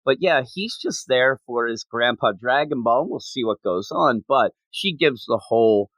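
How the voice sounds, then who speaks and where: A man co-hosting a casual podcast, talking with animated energy and laughing often as he acts out bits. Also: mid-range voice, normal speed, no echo, low-quality recording. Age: adult, not young. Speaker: podcast co-host.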